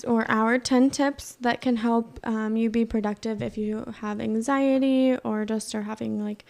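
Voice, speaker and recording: A young woman co-hosting a podcast, talking in a relaxed, chatty way with many fillers. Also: on the high side, measured pace, gravelly, hardly any pauses. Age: young adult. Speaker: podcast co-host. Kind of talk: casual chat.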